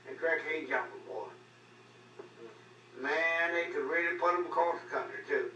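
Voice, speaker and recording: A man's voice: a little high, normal speed. An older man, telling rambling folksy stories in a loose, drawling way. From Arkansas. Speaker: storyteller. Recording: echoey, mic far off, faint noise.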